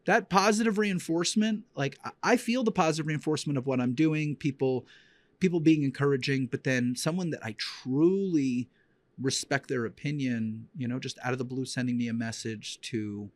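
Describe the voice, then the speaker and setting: A man's voice: medium pitch, normal speed, dry recording. Heartfelt man, dry close sound. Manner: rambling, heartfelt, many fillers and restarts. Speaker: podcast host and dog trainer. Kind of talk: emotional personal storytelling.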